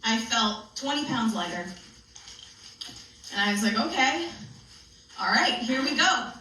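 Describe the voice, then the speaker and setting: Brief: bright, forceful woman comic, playful and animated; distant mic in a reverberant hall. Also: fairly high pitch, unhurried. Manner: playful and animated, laughing through her story. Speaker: spiritual comedian and speaker. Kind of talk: live comedic storytelling talk. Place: live benefit event hall. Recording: echoey hall, mic from a distance, faint noise.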